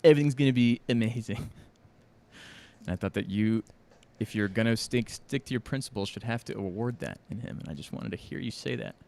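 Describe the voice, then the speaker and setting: A man co-hosting a podcast in casual chat, animated and laughing often, slipping into impressions of people in his stories. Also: mid-range voice, fairly quick, creaky, a little hiss or hum. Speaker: podcast co-host.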